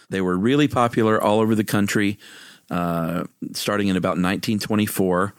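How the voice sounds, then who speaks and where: A man co-hosting a podcast, talking in an easygoing, relaxed way. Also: low voice, smooth, no room sound, studio quality. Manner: easygoing, relaxed storyteller with fillers. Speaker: podcast co-host. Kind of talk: casual chat.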